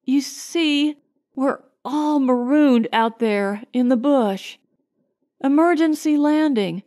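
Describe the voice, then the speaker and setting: A woman's voice: high voice, slow, warm tone, pitched above the performer's own voice. A woman narrator voicing a desperate, exhausted stranded woman who pleads weakly and gasps. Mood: pleading. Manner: weak, gasping pleading.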